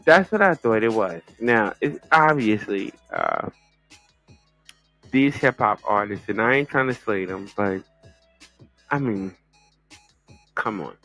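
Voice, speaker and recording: A man hosting a talk show, reacting to a news story in casual commentary, halting and repeating himself as he exclaims. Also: lowish voice, very animated, sharp tone, faint music behind. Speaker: podcast host.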